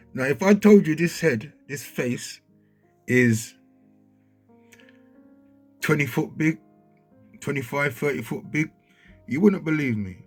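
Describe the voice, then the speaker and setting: Man, husky voice, mid pitch, casual video commentary, excitable, faint background music. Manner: excitable, keeps checking in with listeners. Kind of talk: casual commentary over footage. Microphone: handheld mic.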